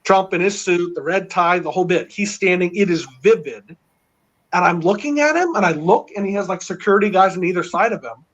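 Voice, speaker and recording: A middle-aged man telling a long story in casual chat, rambling and excited, with many fillers. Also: high voice, a little fast. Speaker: panel guest. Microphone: video call. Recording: dull lo-fi online call audio.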